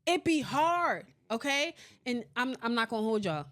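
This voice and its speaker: Animated playful woman podcast host. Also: a little high, moderate pace. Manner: animated, playful, laughing often. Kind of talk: casual podcast chat reading live comments.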